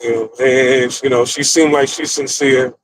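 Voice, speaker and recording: A middle-aged American man hosting a stream, telling stories in a blunt, profane, animated way. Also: mid-range voice, moderate pace, a little hiss or hum, low-quality recording. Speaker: streamer host. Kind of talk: casual storytelling rant.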